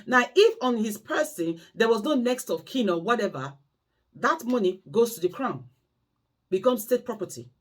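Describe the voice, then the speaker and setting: A woman carer vlogger speaks to her audience in a husky voice. Her pitch swings widely as she tells cautionary stories, then pleads with them in an emphatic, preachy way. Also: expressive, moderate pace. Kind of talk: impassioned storytelling monologue.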